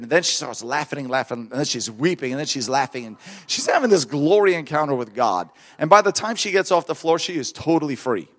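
A fervent male preacher telling stories in a sermon, animated and quick to laugh. His voice sits a little high for a man. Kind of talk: sermon storytelling.

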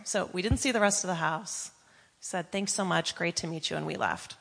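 A woman's voice: fairly low pitch, lively intonation, fairly quick, gravelly, a bit bright. A woman telling an earnest personal testimony story to a congregation, quoting the people she met as she goes. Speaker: church member giving a testimony. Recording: reverberant church hall.

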